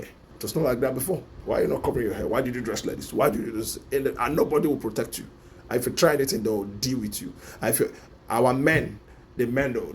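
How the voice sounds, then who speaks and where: A man's voice: fairly low pitch, darkish tone, slight background noise. A man with a Nigerian accent delivering an impassioned vlog monologue from his office, repeating his points with emphasis and slipping into Pidgin. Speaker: vlogger. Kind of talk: personal opinion monologue.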